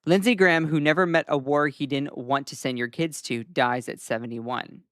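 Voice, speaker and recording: A man's voice: on the high side, steady tone, normal speed, fairly bright tone, no room sound, clean studio sound. Chatty Southern man hosting news commentary. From Southern United States. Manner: casual, chatty, frequent "um" fillers, wry asides. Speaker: host.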